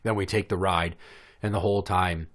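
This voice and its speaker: A man's voice: steady tone, moderate pace. A man in his thirties hosting a podcast, telling stories in casual, profane, sarcastic chat. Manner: profane, sarcastic, mimics kids in a high voice. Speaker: podcast host.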